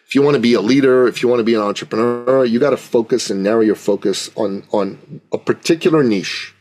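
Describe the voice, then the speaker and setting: A man who is a podcast guest, telling an animated business anecdote, acting out the dialogue and often asking for agreement. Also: mid-range voice, a little fast, faint music behind.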